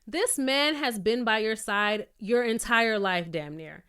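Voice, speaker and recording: Expressive woman reviewing a TV show. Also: fairly high pitch, slow pace, smooth. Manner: expressive, emotional, playful asides. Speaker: TV review vlogger. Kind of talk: casual review chat.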